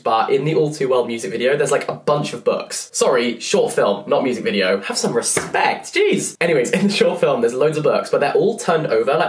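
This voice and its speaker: A young man talks straight to camera in a relaxed vlog, trading quick asides and self-mocking jokes. His voice sits at an ordinary middle pitch. The room around him adds a noticeable echo. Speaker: book vlogger. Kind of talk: casual vlog chat to camera. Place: his flat, indoors. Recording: roomy indoor echo.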